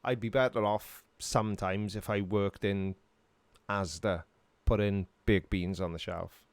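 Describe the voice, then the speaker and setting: A man's voice: on the low side, fairly even intonation, measured pace, clean tone, no room sound. A middle-aged man, casually answering viewers' questions on a live stream in a dry, sarcastic way. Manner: dry, sarcastic, self-mocking.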